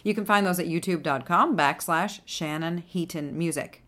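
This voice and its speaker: A woman's voice: fairly low pitch, moderate pace, a bit bright. A woman host giving a casual spoken music lesson, explaining step by step and now and then singing phrases of the tune on syllables. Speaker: music teacher and podcast host. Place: home kitchen.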